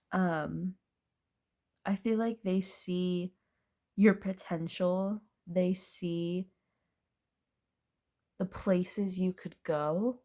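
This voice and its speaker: A woman's voice: on the low side, darkish tone. A woman doing a casual, chatty tarot reading, thinking aloud as she turns the cards and laughing now and then. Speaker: tarot reader.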